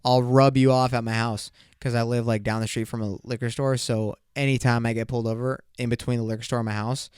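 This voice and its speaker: Young male solo podcaster, crude loose banter, smooth voice, dry recording. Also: mid-range voice, a little fast, hardly any pauses, no echo. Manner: loose, crude, rambling banter with bursts of excitement. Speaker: podcast host. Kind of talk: casual solo podcast rant.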